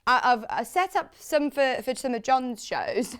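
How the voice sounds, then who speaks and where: A woman's voice: high-pitched, expressive, unhurried, clean tone. A woman presenting fabrics on live shopping television, chatty and gushing, reading out viewer comments as she talks. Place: TV studio.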